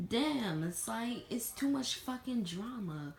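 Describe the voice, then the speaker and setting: Young woman, casual TV reviewer, blunt and profane; gravelly voice, roomy echo. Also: on the high side, slow pace, hardly any pauses. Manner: blunt, profane, animated retelling with slang. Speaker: reality TV reviewer. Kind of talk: casual chat. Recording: echoey room with faint ambient noise.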